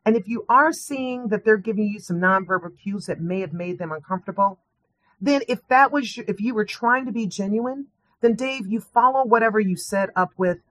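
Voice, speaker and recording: A woman's voice: mid-range voice, fairly bright tone, dry recording. Earnest woman trainer giving advice. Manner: earnest, instructive, measured. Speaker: guest trainer. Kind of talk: advice in an interview.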